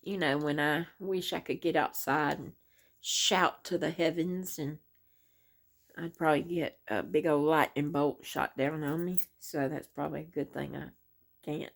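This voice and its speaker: A middle-aged woman tells a long story on her crochet vlog, drifting from one point to the next and circling back with "anyway." Her voice sits low and has a gravelly edge. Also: fairly even intonation, measured pace. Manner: rambling storyteller, many "um" and "anyway". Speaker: crochet vlogger. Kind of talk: casual rambling chat.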